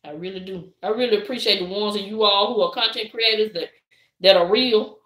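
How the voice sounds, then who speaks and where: A middle-aged woman with a Southern accent, chatting live and preaching to her viewers in a lively, direct way. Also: mid-range voice, brisk, reverberant. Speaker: vlogger. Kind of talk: casual live-stream chat.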